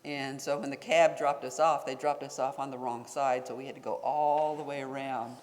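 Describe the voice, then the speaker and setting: A man's voice: medium pitch, little pitch movement, normal speed. Man telling a wry story in a hall. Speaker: tribal leader. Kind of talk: anecdotal speech at a symposium. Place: conference hall. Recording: long reverb of a hall.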